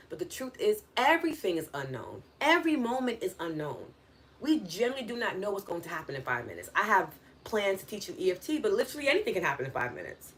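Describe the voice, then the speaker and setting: A woman's voice: mid-range voice, very animated, fairly quick, a bit bright. A young woman hosting a wellness live stream, talking in an earnest, reflective way with lots of "like" and acted-out inner voices. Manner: acts out inner voices in quoted asides. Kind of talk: casual live-stream talk.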